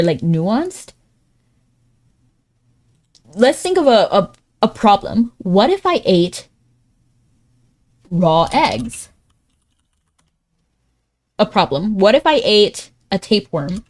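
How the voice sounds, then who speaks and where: A woman streaming live in casual chat, thinking aloud as she plays a word game, laughing often and jumping up in pitch when excited. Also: takes it slowly, long pauses.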